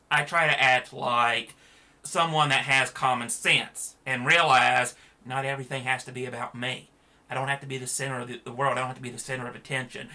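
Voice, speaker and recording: Man, vlogger, blunt and sarcastic, very bright forceful tone, mid pitch. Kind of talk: opinion rant to camera.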